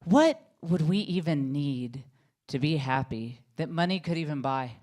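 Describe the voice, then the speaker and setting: A woman voicing her husband, a laid-back country boy musing slowly and mellowly. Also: low-pitched, expressive, darkish tone.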